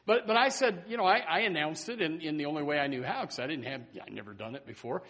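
A man preaching a sermon in a church, animated and full of stumbling restarts and repeated words. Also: a little high, fast talker. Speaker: pastor. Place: church sanctuary. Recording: long hall reverb.

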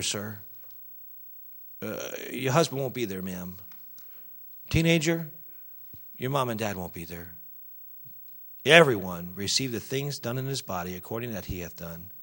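A man preaching a sermon, emphatic and animated, addressing the congregation directly. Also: mid-range voice.

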